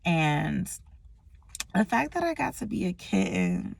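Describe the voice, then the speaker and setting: A woman's voice: lowish voice, huge pitch swings, slow pace, creaky, husky, no echo. A young woman talking candidly and emotionally in a personal vlog, swearing freely and using slang. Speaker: vlogger.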